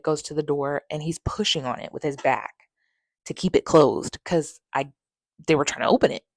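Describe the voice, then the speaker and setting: A woman's voice: low voice, dry recording. A young woman hosting a podcast, frankly and emotionally retelling a hard personal story with plenty of swearing. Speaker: podcast host.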